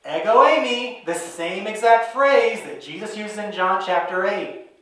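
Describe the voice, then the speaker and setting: A man preaching a sermon as pastor, talking in a conversational, animated storytelling way. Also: sits high, a little slow. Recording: echoey room, mic from a distance.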